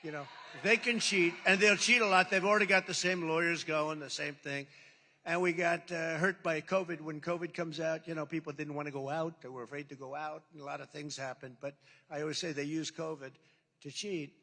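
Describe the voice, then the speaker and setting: A man's voice: fairly high pitch, fairly even intonation, brisk, bright, forceful tone. A man giving a rambling, boastful off-the-cuff speech at a rally, repeating himself for emphasis, into a podium microphone in a large indoor hall. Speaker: political speaker at a rally. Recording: long hall reverb, amplified.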